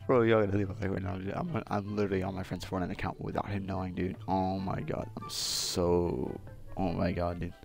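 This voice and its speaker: A teenage boy commentating his gameplay in a hyped, excitable way, full of slang and calling everyone dude. He sometimes drops to a whisper. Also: sits low, fairly quick, gravelly. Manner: whispers at times to stay quiet. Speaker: gaming YouTuber. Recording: loud background music over voice.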